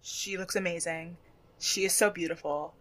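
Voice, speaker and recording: A young woman co-hosting a casual chat recap, animated and quick to laugh. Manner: animated, laughs often, breaks into a high squeal. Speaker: podcast co-host.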